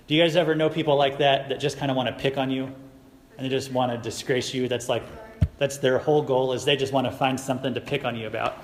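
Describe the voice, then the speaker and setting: A man's voice: fairly high pitch, fairly bright tone. Man preaching casually in an echoey hall. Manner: conversational, asks the audience questions. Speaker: youth pastor. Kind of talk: casual youth sermon retelling a Bible story. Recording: echoey hall recording, faint noise.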